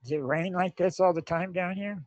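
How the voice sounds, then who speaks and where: A player putting on a cold, polite young lad looking for work, his voice lifted a touch higher than usual. It sounds dull and lo-fi, dry and close. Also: normal speed, dry recording, natural voice. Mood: polite, chilled. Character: young London-born boy laborer, cold and polite. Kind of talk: tabletop role-play voicing. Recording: dull lo-fi mic.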